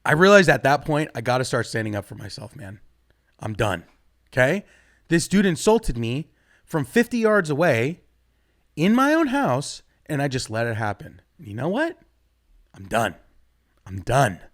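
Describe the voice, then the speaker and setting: A young man doing a stand-up comedy set, rambling and profane, jumping suddenly to loud outbursts. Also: on the high side, big pitch swings, moderate pace.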